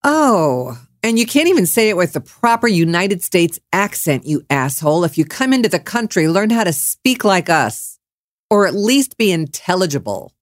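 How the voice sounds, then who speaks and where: A woman's voice: on the low side, very animated, normal speed, dry recording. Furious, profane woman radio host. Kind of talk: angry on-air rant.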